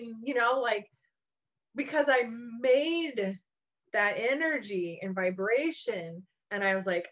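A mother co-hosting a casual spiritual talk, telling lively stories full of fillers and casual swearing. Her voice sits a little high for a woman. The recording has a dull, lo-fi sound. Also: normal speed.

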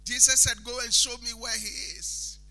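High, bright-voiced man preaching in sing-song. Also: little pitch movement, normal speed. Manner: sing-song preaching with shouted peaks, acts out quotes. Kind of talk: sermon. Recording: faint music behind the voice.

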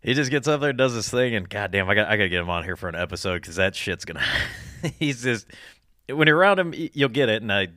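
A man's voice: on the low side, animated, quick pace, pushed and bright, no echo. Guy hosting a podcast, cussing and cracking up, dry mic, voice jumps all over. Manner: profane, laughing storyteller who acts out friends' lines. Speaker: podcast host. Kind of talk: casual chat.

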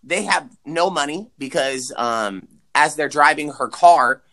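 An animated male podcast co-host recaps an old movie in loose, profane casual chat. His voice is bright and a little high for a man, and it leaps up and down in pitch whenever he wants to stress a point. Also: unhurried. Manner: animated, swearing, swings pitch for emphasis.

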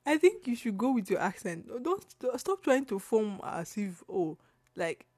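Young Nigerian-accented woman hosting her own podcast, animated and chatty, with a middle-pitched voice in a dry, close recording. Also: normal speed, dry recording. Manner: animated, laughing, frequent restarts and Pidgin asides. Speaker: podcast host. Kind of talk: casual solo podcast rant.

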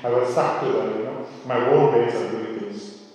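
A man's voice: mid-range voice, normal speed, a little mellow. Man lecturing in an echoey hall. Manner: conversational, with frequent "you know" asides. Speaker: Bhagavatam class teacher. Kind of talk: scripture class lecture. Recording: echoey hall, speaker far from mic.

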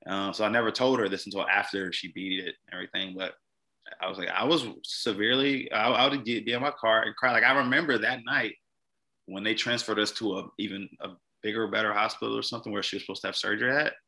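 A man's voice: lowish voice, steady tone, fast, pushed and bright, poor audio. A young man, a podcast guest, telling a personal story in a casual, rambling, earnest way, with a lot of "like". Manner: rambling, heavy use of "like", earnest.

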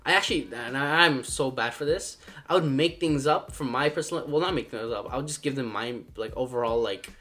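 A young man rambles through a personal story, leaning heavily on fillers like "like" and performing voices for quoted dialogue. His mid-range voice is pushed and bright, brisk with hardly any pauses.

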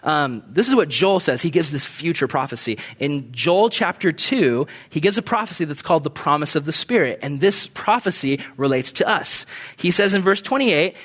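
A young pastor with a high voice for a man preaches in a relaxed, conversational way at a moderate pace. He's an animated storyteller whose stories break into sudden shouted bursts.

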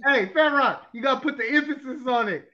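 A man's voice: extremely high pitch, brisk, muffled recording, a loud crowd. A man co-hosting a casual podcast who cuts in with repeated "hold on"s to push his theories. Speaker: podcast co-host. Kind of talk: casual comedic chat.

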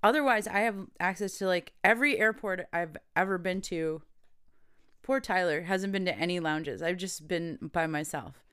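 A woman's voice: fairly low pitch, normal speed, a bit bright, clear, resonant tone. A woman co-hosting a podcast, casually telling a story, quoting people and laughing often. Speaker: podcast co-host.

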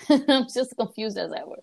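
A woman's voice: on the high side, vocal fry, darkish tone, no room sound, clean studio sound. A woman in her thirties in casual chat, telling stories animatedly and acting out the voices she quotes. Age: 30s.

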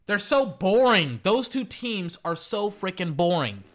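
Young man, casual sports rant, bright, raised voice, exasperated. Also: a little slow. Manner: exasperated, ranting, lively swings in pitch. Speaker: sports podcaster giving picks. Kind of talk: casual solo commentary. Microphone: echoey metal can around the mic.

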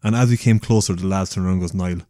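A young man on a podcast, relaxed and casual, swearing freely. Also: low voice, racing, no room sound, clean studio sound. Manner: relaxed, swears freely, short backchannel replies. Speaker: podcast co-host. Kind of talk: casual chat.

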